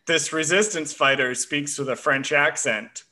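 Male podcast co-host, slightly high and bright, chatty and enthusiastic. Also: a little slow. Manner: chatty, self-described history nerd, frequent uh fillers. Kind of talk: casual chat.

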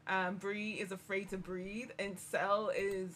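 A woman co-hosting a podcast, chatting about a novel with jokey, animated retellings and laughter. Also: mid-range voice, slow, a little hiss or hum. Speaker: podcast co-host. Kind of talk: casual book discussion.

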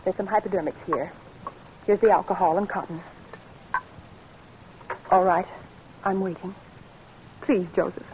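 An actress playing a loyal, devoted wife in a 1940s radio drama, speaking in a gentle, pleading way. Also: female voice, fairly low pitch, fairly even intonation, unhurried, long pauses, slight background noise, close to an everyday voice, rough recording. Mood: tender, resolute.

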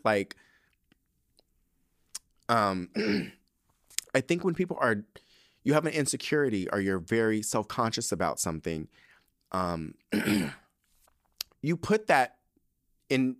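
A man with a medium-pitched voice that swings widely and expressively, chatting as a podcast host. He talks candidly and casually, peppering his speech with slang and profanity. The recording is dry and close, with almost no room sound. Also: a bit bright, no room sound. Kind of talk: casual chat.

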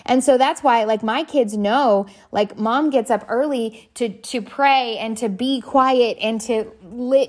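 A woman, likely a parent, giving an earnest, reflective motivational talk, often pausing to search for words. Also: a little high. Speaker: parenting speaker.

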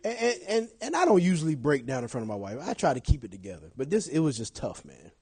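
A middle-aged male pastor preaching a sermon, telling stories with big swings from shouting to hushed confession. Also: medium pitch, very animated, fast, husky, no room sound.

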